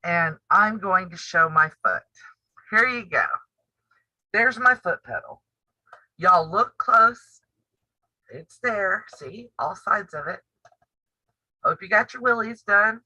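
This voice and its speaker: A woman's voice: medium pitch, lively intonation, slow pace, pauses often, bright, forceful tone, no echo, dull audio. A woman, hosting a casual live-stream chat for a sewing channel and talking in a blunt, teasing way with frequent laughs. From United States. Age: 50s. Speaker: sewing and quilting channel host.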